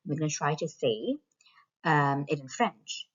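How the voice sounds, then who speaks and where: A woman with a low voice gives a recorded lesson to school pupils, saying each phrase slowly and then again. The sound is dull and lo-fi, as from a plain home recording. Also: animated. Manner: slow, repeats phrases for pupils to copy. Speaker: French teacher.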